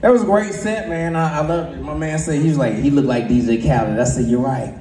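A man doing a stand-up comedy set on a club stage, loose and joking, with a slight lisp, slipping into quick voices. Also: on the high side, mellow, echoey room, a little hiss or hum, poor audio.

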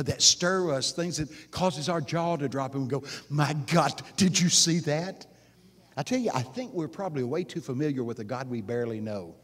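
A man preaching at a conference, folksy and animated, swinging from hushed asides to loud exclamations and asking the audience questions. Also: fairly high pitch. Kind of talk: conference sermon. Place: live conference session before an audience.

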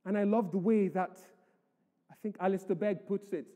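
A man's voice: sits high, fairly even intonation, moderate pace, dark tone. A man preaching a sermon as pastor, emphatic, reading scripture aloud to the church. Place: church hall. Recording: echoey church hall.

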